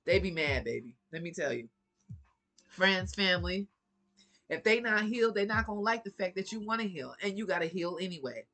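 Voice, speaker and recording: A woman's voice: lowish voice, animated, brisk, fairly bright tone. A woman giving a casual motivational talk to her viewers, sassy and preachy, laughing often and swearing freely. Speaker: vlogger.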